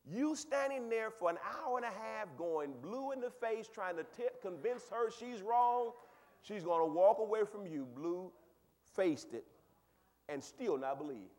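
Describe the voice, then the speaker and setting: A male pastor preaching with a high voice that leaps wildly, from low murmurs up to ringing exclaims. He talks with his congregation, asking them questions and repeating words as he builds. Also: lively intonation, measured pace, a little mellow. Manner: conversational, asks the congregation questions. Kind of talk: sermon.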